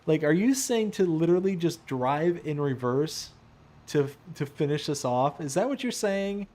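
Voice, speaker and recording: Slightly high-pitched and at a moderate pace, a man chats with his viewers while streaming a farming game. He's animated, laughs often, and keeps responding to their messages.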